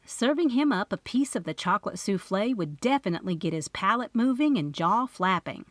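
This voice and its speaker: A woman's voice: mid-range voice, lively intonation, brisk, no room sound. A woman narrating a cozy mystery audiobook in first person, in a conversational storytelling way.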